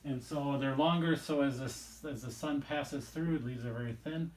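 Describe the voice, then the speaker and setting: A man giving a relaxed recorded biology lesson, talking in a loose, unscripted way and pausing to sketch as he goes. His voice sits at an ordinary middle pitch. The room around him is noticeably echoey. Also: a little hiss or hum. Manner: casual, rambling, drawing while explaining. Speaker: biology teacher.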